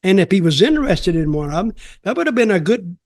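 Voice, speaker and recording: Gravelly older man spinning a blunt story. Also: high-pitched, very animated, quick pace, darkish tone, no echo, studio quality. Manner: rambling, blunt, profane, with restarts. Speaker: podcast host telling a wrestling story. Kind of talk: casual storytelling.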